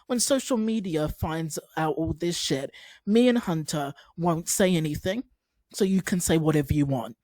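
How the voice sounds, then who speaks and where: A woman's voice: deep voice, normal speed, dark tone, no echo, natural voice. A woman playing a blunt, swearing male fight-company boss in a brusque, matter-of-fact tone.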